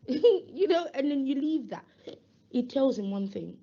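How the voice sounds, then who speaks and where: A woman with a high-sitting, unhurried voice gives an animated safeguarding talk at a webinar. She tells lively stories, acting out bits of dialogue with laughs, and the lo-fi audio is muffled.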